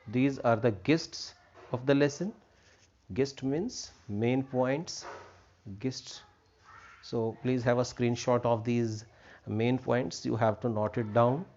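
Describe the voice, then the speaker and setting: A man's voice: medium pitch, a little mellow. A man teaching an English textbook lesson, repeating himself and defining words with many fillers. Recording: dull lo-fi recording.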